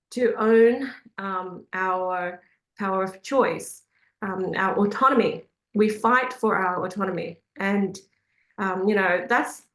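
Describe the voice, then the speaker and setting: A woman leading a faith group meeting, telling a personal story casually with many fillers and frequent laughs. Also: medium pitch. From Australia. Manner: chatty, hesitant with frequent fillers, laughs often. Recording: roomy echoey sound.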